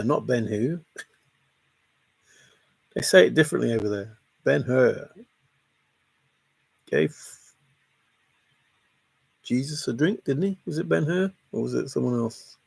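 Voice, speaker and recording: A man's voice: medium pitch, expressive, slow pace, gravelly, long pauses, a little mellow, slightly rough, dry recording. A man hosting a casual livestream, reading chat and greeting viewers by name in a jokey, chatty way. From half Italian, half Scottish heritage.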